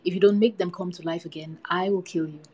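A woman's voice: on the low side, fairly even intonation, quick pace, darkish tone, husky. A woman voicing a clever young orphan boy, the youngest brother in a folktale reading.

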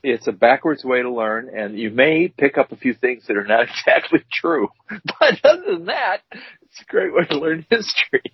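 A man's voice: medium pitch, moderate pace, slightly rough. A man co-hosting a casual chat show, joking and rambling as he tells stories. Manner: animated, joking, rambling storyteller. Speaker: co-host. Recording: dull, dry lo-fi audio.

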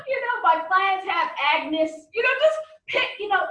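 A woman guest on a podcast interview, talking in a casual, animated way and laughing often. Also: very high-pitched, slow, echoey room, distant mic, dull audio.

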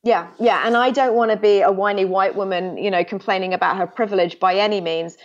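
A woman's voice: medium pitch, fairly even intonation, a little fast. Woman, English accent, podcast guest, thoughtful, self-deprecating, dull lo-fi sound. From England. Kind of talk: casual conversational interview.

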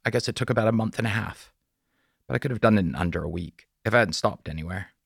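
A man's voice: lowish voice, quick pace, creaky, breathy edge, no room sound, studio quality, pitched above the performer's own voice. A man voicing a friendly, polite male drifter in his twenties in an audiobook, easygoing and chatty.

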